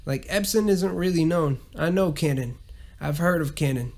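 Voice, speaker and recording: A man's voice: on the high side, moderate pace, a little mellow. A man with a Southern US accent, hosting a podcast and ranting profanely in a casual monologue. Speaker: podcast host.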